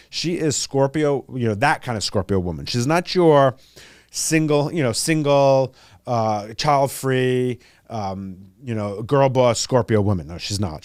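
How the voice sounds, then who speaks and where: A man hosting a podcast, rambling casually with lots of fillers and an animated delivery. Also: medium pitch, no echo, studio quality. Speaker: podcast host. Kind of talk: casual chat.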